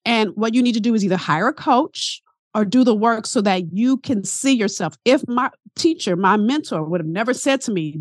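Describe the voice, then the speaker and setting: A woman guest, a coach and teacher, talking in a casual interview as an animated, emphatic storyteller. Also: on the high side, moderate pace, no room sound, clean studio sound.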